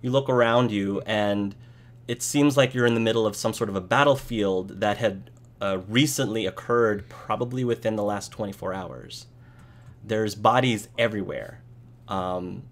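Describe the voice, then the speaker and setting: A man's voice: fairly low pitch, normal speed. A man narrating a tabletop role-playing game as game master, often stopping to restart his sentences. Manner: hesitant, with many restarts and fillers.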